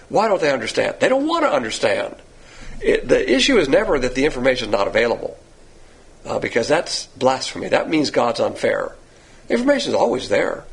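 A man teaching a verse-by-verse sermon, asking rhetorical questions and pushing his pitch up for emphasis. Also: creaky, slightly rough, low-quality recording. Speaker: Bible teacher.

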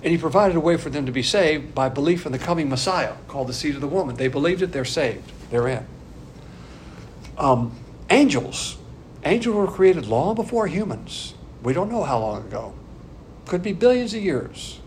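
A middle-aged man teaches the Bible from the pulpit in a conversational, emphatic way, slipping in dry asides. His voice sits a little high for a man. A faint low rumble runs under the recording. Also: animated, moderate pace. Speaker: pastor.

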